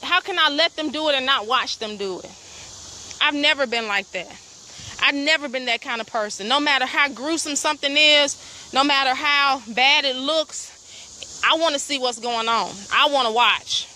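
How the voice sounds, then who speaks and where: A woman's voice: high-pitched, moderate pace, bright, forceful tone, slight background noise. A woman, out of breath, walking a rural trail and vlogging into a phone, upset and indignant, asking her viewers pointed questions. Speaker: property owner filming a vlog. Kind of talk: walking vlog, talking to viewers. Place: outdoors on rural land, crickets.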